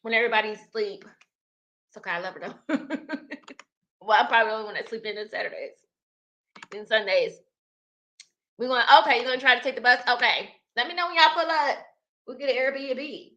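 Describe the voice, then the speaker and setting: Bright-voiced chatty woman livestreaming. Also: a little high, fairly quick, long pauses. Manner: chatty, laughs often, talks to viewers as y'all. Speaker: livestream host reading chat. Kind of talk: casual livestream chat.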